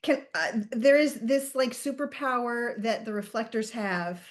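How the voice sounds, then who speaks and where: A woman hosting a casual podcast, her voice on the higher side. She talks in an animated, jokey way, thinking aloud as she explains. The chat is relaxed and conversational. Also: unhurried. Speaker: podcast host and Human Design reader.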